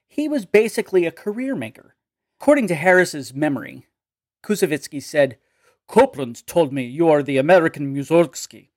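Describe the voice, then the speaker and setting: A man lecturing on music history in a measured, explanatory and precise way. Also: a little high, dry recording, clean studio sound. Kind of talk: lecture narration.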